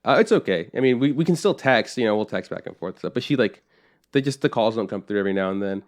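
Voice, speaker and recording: A young man on a podcast talks fast in a lowish voice with lively intonation. He's a co-host telling a meandering, profane story in casual conversation, voicing what his family said.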